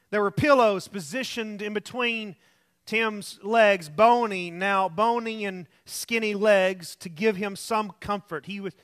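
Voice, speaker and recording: A male pastor delivering a sermon in a high, bright voice. He speaks slowly and deliberately. He tells stories and often sinks to a hush to make a point. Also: smooth. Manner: storytelling, dropping to soft tones for emphasis. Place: church.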